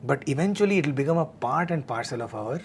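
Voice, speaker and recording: A man's voice: on the high side, lively intonation, fast, slight background noise. A man hosting a devotional discussion, speaking earnestly with many "you know" fillers. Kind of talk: conversational satsang discussion.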